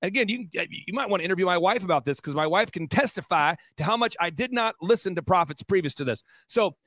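Casting: middle-aged man, fairly high voice, dry close sound, emphatic repetitive storyteller. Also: animated, a bit bright, no room sound. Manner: fast-paced, repetitive, emphatic. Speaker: guest. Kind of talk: animated storytelling.

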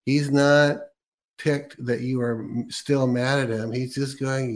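A man hosting a relaxed faith interview in an ordinary middle-pitched voice. He chats loosely, laughing often and filling pauses with ums and restarts. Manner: chatty, laughs often, many fillers and restarts. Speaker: host.

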